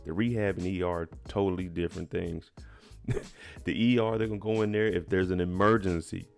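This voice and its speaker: A man's voice: low-pitched, fairly even intonation, fairly quick, creaky, a little mellow, faint music behind. A man casually recapping a TV episode, retelling it emphatically with slang. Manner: chatty, emphatic retelling with slang and little laughs. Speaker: TV recap host.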